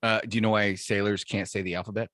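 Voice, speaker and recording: A man in his forties, a podcast co-host, telling puns and jokes in deadpan style and laughing at his own lines. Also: fairly low pitch, fast, no room sound, studio quality. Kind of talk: casual joke-telling banter.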